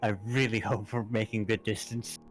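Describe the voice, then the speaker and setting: A man's voice: fairly low pitch, level tone, normal speed, a little hiss or hum. Dry-joking man playing a tabletop game. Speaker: player. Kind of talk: casual game chat.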